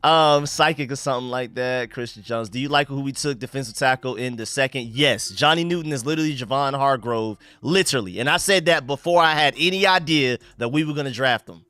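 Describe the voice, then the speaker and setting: A young man from the United States hosting a live stream, chatting casually and shouting out viewers and donations. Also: medium pitch, brisk, few pauses, clear, resonant tone, no echo. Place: home room.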